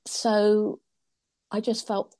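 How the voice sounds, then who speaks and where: A woman's voice: medium pitch, monotone, extremely slow, no echo, studio quality. A woman sharing earnest, hesitant reflections on a video call from her tablet. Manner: hesitant, lots of ums, warm and earnest. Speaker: church member sharing reflections. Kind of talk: casual reflective chat.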